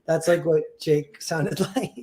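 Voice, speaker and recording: A man's voice: on the high side, fairly even intonation, slow, darkish tone, a little hiss or hum. A young man chatting on a livestream, rambling with lots of "like" and restarts, chuckling as he talks. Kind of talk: casual livestream chat.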